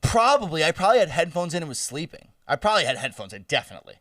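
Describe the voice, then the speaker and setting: A man's voice: on the high side, rapid-fire, dry recording. Young guy podcast cohost, swearing and laughing through a crazy story, voice jumping all over, dry and kinda far from the mic. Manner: animated, profane, laughing storyteller. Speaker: podcast co-host. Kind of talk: casual storytelling chat.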